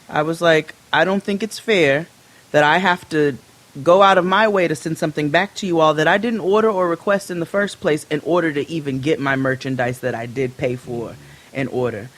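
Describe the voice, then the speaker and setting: A woman co-hosting a podcast, telling a story in a casual, profane and animated way and acting out both sides of it. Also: low-pitched, normal speed. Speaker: podcast co-host.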